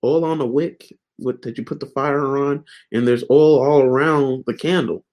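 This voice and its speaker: A young man preaching to his camera in an easygoing, earnest way, his voice sitting at an ordinary middle pitch. He rambles through his points and keeps calling the listener "man" and "guys.". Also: fairly even intonation, moderate pace, darkish tone, slight background noise. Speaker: online Bible teacher. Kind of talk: casual video devotional.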